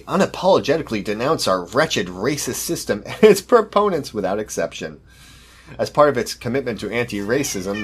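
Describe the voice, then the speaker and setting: A man's voice: on the low side, slightly rough. A man hosting a podcast, reading news articles aloud and commenting on them in a sarcastic, mocking way. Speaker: podcast host.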